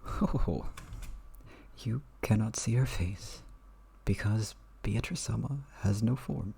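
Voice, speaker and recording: A man's voice: on the low side, gravelly, a little hiss or hum. A man whispering as an eerie old servant woman. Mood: eerie, hushed. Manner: slow hushed whisper. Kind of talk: whispered role-play.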